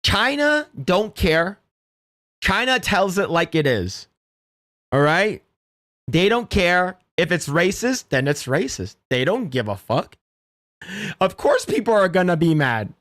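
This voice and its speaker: A man's voice: sits high, very animated, a little slow, fairly bright tone, dry recording, clean studio sound. A man hosting a podcast livestream in casual, blunt, rambling commentary, laughing now and then. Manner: blunt, rambling, laughs at his own jokes.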